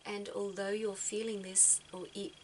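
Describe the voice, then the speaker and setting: A woman talking gently and reflectively to her viewers, giving spiritual advice and often repeating words as she thinks. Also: medium pitch, level tone, normal speed, slight background noise, poor audio.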